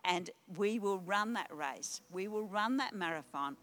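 A woman's voice: mid-range voice, expressive, unhurried, few pauses, music in the background. An older woman preaching a sermon in an earnest, exhorting way.

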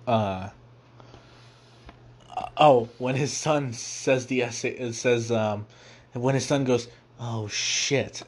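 A man's voice: mid-range voice, a little mellow. Rambling man with lots of ums. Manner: rambling, many fillers and restarts; laughs easily, quotes scenes in quick put-on voices. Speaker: movie review show host. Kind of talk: casual movie review monologue.

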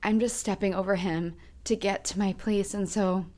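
A woman's voice: mid-range voice, steady tone, normal speed, darkish tone. A woman co-hosting a podcast, telling a personal story in an earnest, reflective casual chat. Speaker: podcast co-host.

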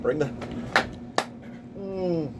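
High-voiced man rambling crude stories. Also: drawn-out words, dull audio, heavy background noise. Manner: rambling, crude storytelling with lots of "right?". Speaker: podcast host. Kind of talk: casual crude podcast banter. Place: restaurant, live on location.

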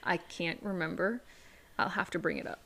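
A young woman co-hosting a podcast in casual chat, laughing often and answering with quick agreeing remarks. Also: fairly low pitch, vocal fry, sharp tone. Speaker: podcast co-host.

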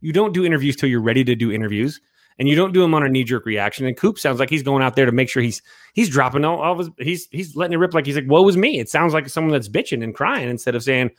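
A fast-talking, blunt man, dry sound. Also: medium pitch, expressive, no echo. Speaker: podcast co-host, former coach. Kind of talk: casual sports talk.

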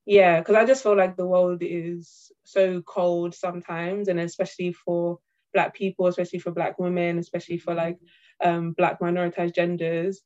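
A woman, a community group organizer talking in a casual podcast chat, animated and peppered with "like". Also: lowish voice, moderate pace. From London. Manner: animated, heavy use of "like". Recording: muffled lo-fi sound.

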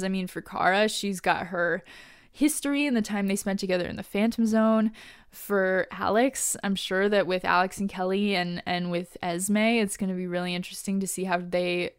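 A woman hosts a casual podcast and recaps an episode with animated enthusiasm, laughing often and swearing casually. Her voice is smooth and resonant. She is on a close mic with a dry, dead sound. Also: mid-range voice, dry recording. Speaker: podcast host.

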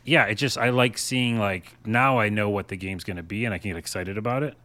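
A man's voice: fairly low pitch, brisk, bright, forceful tone. Joking young man hosting a podcast. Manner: loose, joking, many "like"s. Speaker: podcast host. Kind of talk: casual podcast chat.

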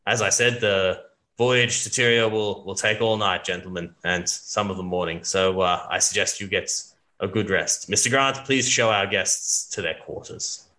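A man doing a pompous naval commander in a tabletop game, clipped and formal. The voice sits fairly low with a bright, forceful edge. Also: moderate pace, poor audio.

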